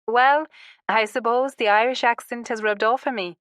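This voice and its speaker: A woman's voice: a little high, fairly even intonation, a bit bright, clean tone, dry recording, pitched above the performer's own voice, close to an everyday voice. A woman voicing a bubbly, gossipy woman in her sixties. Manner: bubbly, gossipy, quick to confide.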